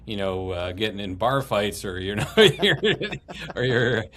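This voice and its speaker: A man's voice: fairly low pitch, a little slow, fairly bright tone. A man co-hosting a podcast, chatting casually in a thoughtful, somewhat hesitant way. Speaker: podcast co-host. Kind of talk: casual chat.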